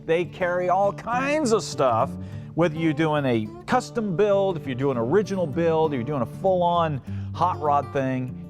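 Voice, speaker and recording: A man hosting a podcast in a casual monologue, often laughing and mocking quotes in a deep announcer voice. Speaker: podcast host.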